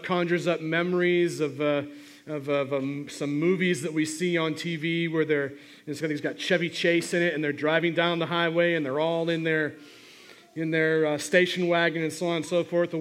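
A middle-aged pastor, preaching a sermon as a humorous personal story full of restarts. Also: male voice, fairly high pitch, steady tone, a little fast, fairly bright tone.

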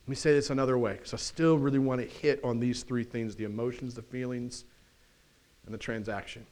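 A man with an American accent preaching a conversational sermon in a church, often checking in with the congregation with quick questions. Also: medium pitch, steady tone, a little mellow. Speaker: pastor. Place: church sanctuary.

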